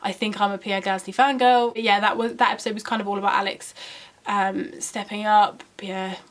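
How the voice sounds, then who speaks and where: A woman's voice: medium pitch, level tone, a little fast. A young woman vlogging at home, giving a casual, emphatic opinion chat full of "like" and "um". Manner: chatty and emphatic, many "like" and "um" fillers. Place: room at home.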